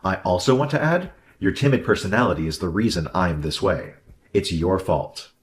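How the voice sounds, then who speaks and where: A man voicing a selfish, condescending husband who blames his wife, in an animated drama. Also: sits low, moderate pace. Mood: arrogant. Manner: condescending, dismissive, then backpedaling. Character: selfish arrogant husband who loves fishing. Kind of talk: animated story voice acting.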